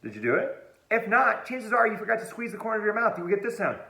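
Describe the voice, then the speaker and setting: Upbeat, animated male music teacher. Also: high-pitched, quick pace, creaky. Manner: upbeat, playful, talks straight to the viewer. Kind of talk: online music lesson for kids. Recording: roomy echo.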